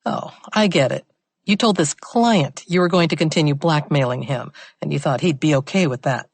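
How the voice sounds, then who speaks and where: A woman's voice: deep voice, normal speed, creaky, slightly rough, dry recording, full character voice. A woman playing a blunt, wary woman sleuth. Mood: sarcastic. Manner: sharp, blunt, sarcastic. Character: tough, wary woman handwriting expert.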